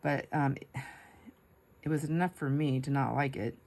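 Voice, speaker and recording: Middle-aged woman, low voice, chatty craft vlogger, laughs a lot, talks to viewers. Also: steady tone, moderate pace, darkish tone. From United States. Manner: chatty storyteller, laughs often, asides to viewers. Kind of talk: casual chat while crafting.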